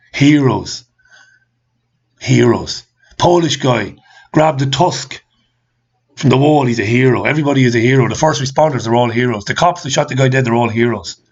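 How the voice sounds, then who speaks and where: An exasperated man hosting his own commentary show, firing the same questions again and again and swearing freely. His voice sits at an ordinary pitch for a man. The recording is slightly dull and lo-fi. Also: vocal fry, husky. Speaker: host. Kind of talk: ranting commentary.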